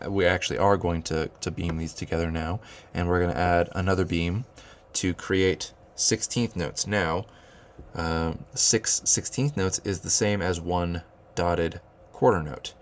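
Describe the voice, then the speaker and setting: A man's voice: sits low, fairly even intonation, a little slow, slight background noise. A man teaching rhythmic solfege, explaining note beams and chanting counting syllables, often restarting his phrases. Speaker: music teacher.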